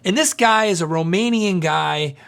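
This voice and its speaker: Brief: male pastor, high-pitched voice, lively storytelling sermon with chatty asides to the audience. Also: normal speed, vocal fry. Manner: animated, conversational, asks the audience questions.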